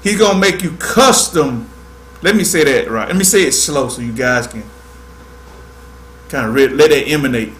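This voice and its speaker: A man's voice: medium pitch, animated, normal speed, long pauses, a bit bright, reverberant, slight background noise, low-quality recording. A man hosting a fishing livestream, talking in a laid-back, drawling way and dropping "man" into nearly every sentence. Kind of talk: casual livestream tutorial.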